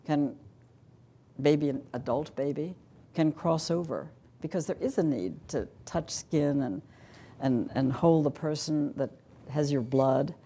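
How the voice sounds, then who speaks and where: Older woman, conference lecture, low pitch, gravelly husky voice, dry wry humor. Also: mellow. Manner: wry, dry humor, reading cartoons aloud. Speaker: conference speaker. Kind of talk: lecture to an audience.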